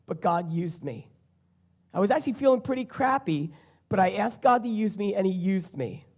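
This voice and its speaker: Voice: medium pitch, a little mellow. A preacher giving an earnest sermon and repeating key phrases for emphasis.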